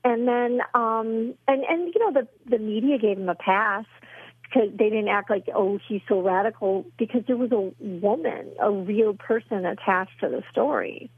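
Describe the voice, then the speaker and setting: A woman's voice: mid-range voice, normal speed, slightly rough, no room sound. A woman guest telling her story in an earnest, fervent way, full of "you know" fillers, heard over a phone line. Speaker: guest, pro-life advocate. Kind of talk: storytelling in a podcast interview. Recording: tinny phone line, dry.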